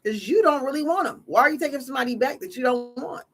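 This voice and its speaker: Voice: high voice, expressive, quick pace. A tarot reader hosting a casual livestream, talking in a blunt, slangy, scolding way. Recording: noisy livestream audio.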